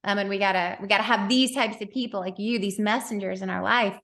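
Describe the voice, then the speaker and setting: Bright-voiced woman podcast host. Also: mid-range voice, fast talker. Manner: animated storyteller, laughs often. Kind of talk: casual interview chat.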